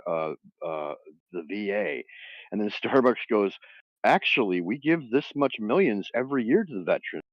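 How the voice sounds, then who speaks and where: A man's voice: on the low side, lively intonation, moderate pace, dry recording, lo-fi sound. A man hosting a casual chat, telling stories with mocking impressions and frequent laughter. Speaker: stream host.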